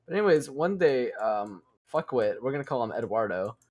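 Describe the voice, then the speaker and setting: A young man hosts a podcast, casually telling a story while he games, in a sing-song, medium-pitched voice at a moderate pace. He rambles and swears, restarting sentences and laughing along the way.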